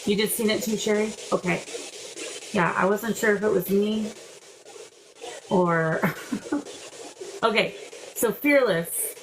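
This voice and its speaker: Woman ghost hunter on a live stream, calls to spirits and reads chat, mid pitch, steady static hiss behind. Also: slow, long pauses. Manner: calls out to spirits and answers chat viewers by name. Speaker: paranormal investigator hosting a live session.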